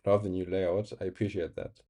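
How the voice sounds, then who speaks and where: A man's voice: sits low, little pitch movement, fairly quick, dark tone. German-accented man streaming a game. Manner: chatty, reads chat aloud, laughs often. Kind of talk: live-stream chat while gaming.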